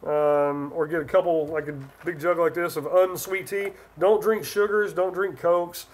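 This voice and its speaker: A man from Northern California hosts a relaxed livestream, rambling through answers as he reads viewer comments aloud. His voice sits noticeably high for a man. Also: moderate pace. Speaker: livestream host. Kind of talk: casual live chat answering viewers.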